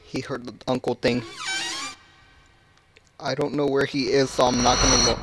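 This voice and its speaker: Over heavy background noise, a gaming channel host with a medium-pitched, flat voice talks at normal speed with frequent pauses. It's a horror game let's play where he jokes around, curses, gets jumpy and yelps loudly when startled.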